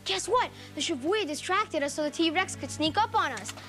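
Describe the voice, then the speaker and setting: A woman voicing a curious young boy scientist in a cartoon, excited and explaining. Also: very high voice, normal speed, over music. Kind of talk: cartoon voice acting.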